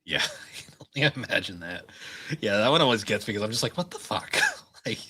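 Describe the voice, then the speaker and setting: A man's voice: lowish voice, animated, fast, bright, forceful tone, a little hiss or hum. A young man co-hosting a podcast in a laid-back way, swearing and laughing through his stories. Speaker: podcast co-host. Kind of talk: casual chat, storytelling.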